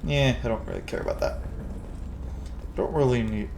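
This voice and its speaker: A man's voice: medium pitch, normal speed, gravelly, background noise. Candid, swearing let's play man. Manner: candid and emotional, swears freely. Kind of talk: casual gameplay commentary.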